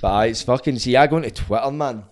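A man's voice: mid-range voice, fast talker. A man hosting a casual podcast chat, swearing and agreeing readily. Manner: sweary, agreeable, short replies. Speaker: podcast host.

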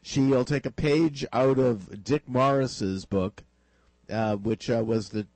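A male talk radio host with a tired, husky voice, emphatically laying out political predictions in casual chat. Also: medium pitch, slow, a little mellow, no room sound, poor audio.

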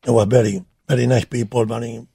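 An older man whose first language is not English, speaking in halting, broken English as he recalls his playing days in a casual chat. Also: medium pitch, little pitch movement, creaky, warm tone, husky, no room sound. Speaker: former soccer player guest.

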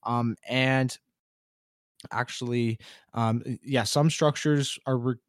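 A man co-hosting a casual gaming chat, talking in a relaxed, rambling way full of fillers. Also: mid-range voice, slow pace, clear, resonant tone, dry recording, clean studio sound. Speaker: podcast co-host.

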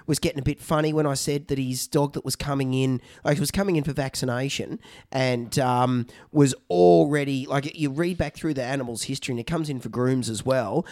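A man's voice: medium pitch, fairly quick, a little mellow. A man, a vet co-hosting a casual podcast chat, talking animatedly with frequent restarts. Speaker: veterinarian podcast co-host.

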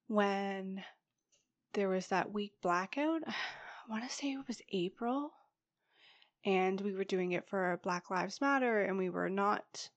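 A young woman hosting her podcast alone, speaking in an open, chatty way with lots of "you guys" and "like." A head cold leaves her a touch husky and stuffed-up, her voice sitting at an ordinary middle pitch. The recording is close and dry, with no room sound. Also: dry recording, muffled recording. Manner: chatty and candid, often says "you guys" and "like". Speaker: podcast host. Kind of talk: solo podcast monologue.

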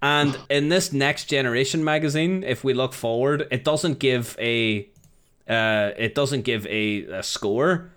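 A man co-hosting a podcast, telling stories in a wry, animated way. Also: medium pitch, measured pace, smooth. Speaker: podcast co-host. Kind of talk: casual chat.

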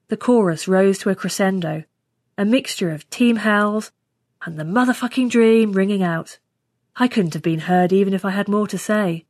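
A woman's voice: medium pitch, normal speed, a little mellow, dry recording. Woman narrating a story, dry sound. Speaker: story reader. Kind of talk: scripted narration.

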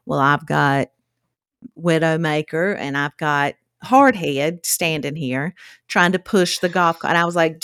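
A woman co-hosting a casual chat podcast, telling animated stories. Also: a little slow, clear, resonant tone, no echo, studio quality. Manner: animated storyteller, drawling, quotes people in high voices. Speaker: podcast co-host.

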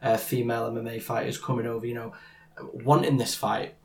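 Man, podcast co-host, gravelly voice, rambling casual sports chat. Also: medium pitch, level tone, a little fast. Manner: rambling, many restarts and fillers.

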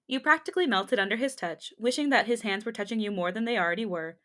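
A woman's voice: medium pitch, fast, a bit bright. A young woman co-hosting a podcast, reading fanfiction aloud with jokey asides and frequent laughter. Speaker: podcast co-host.

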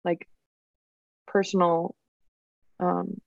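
A woman's voice: lowish voice, level tone, very slow, gravelly, no echo. Young woman chatting, dull dry sound. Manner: chatty, many fillers, searching for words. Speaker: podcast co-host. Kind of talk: casual chat.

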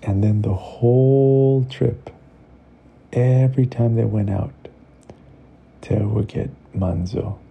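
A man hosting a bedtime story show, narrating slowly and soothingly and slipping between English and Spanish. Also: mid-range voice, gravelly, slightly rough, highs cut off. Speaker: storyteller host.

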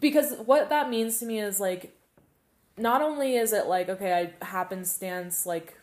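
A young woman co-hosting a podcast in casual chat, rambling and animated, swearing casually. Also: mid-range voice, normal speed. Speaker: podcast co-host.

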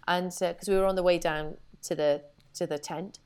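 A woman's voice: lowish voice, fairly even intonation, normal speed, a little mellow, clear, resonant tone. A middle-aged woman, a podcast co-host chatting animatedly and laughing often. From Wales. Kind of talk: casual chat.

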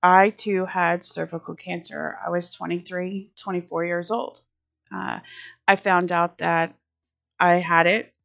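A woman's voice: on the low side, flat delivery, a little slow, vocal fry, a bit bright. A woman in her forties hosting a podcast, telling a personal story in a rambling, conversational way with many restarts. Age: 40s. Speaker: podcast host. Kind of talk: casual storytelling monologue. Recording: slightly muffled lo-fi audio with faint music.

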